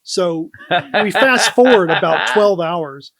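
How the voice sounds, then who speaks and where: A man's voice: high voice, slow. A man, the host's brother, telling a police story in casual talk and laughing as he goes. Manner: animated, laughs while telling. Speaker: guest, former police officer.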